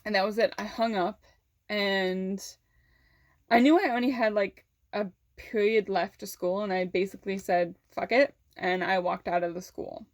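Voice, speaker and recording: A woman's voice: medium pitch, fairly even intonation. Woman telling a raw personal story. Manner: candid, halting, swears freely. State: emotional, holding back tears. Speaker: vlogger.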